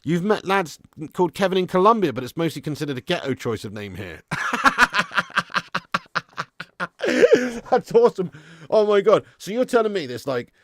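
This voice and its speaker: A man's voice: on the high side, very animated, quick pace, no echo, clean studio sound. A man with a casual, laughing manner hosts a football watch-along stream, swearing freely and reading viewers' messages aloud. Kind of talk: casual live-stream chat.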